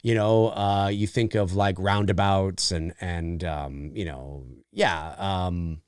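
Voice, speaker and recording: A man hosting a casual live stream, chatting in an animated way with many fillers and mock voices. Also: deep voice, takes it slowly, clean tone, no echo, studio quality. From Canada. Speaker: live show host answering questions.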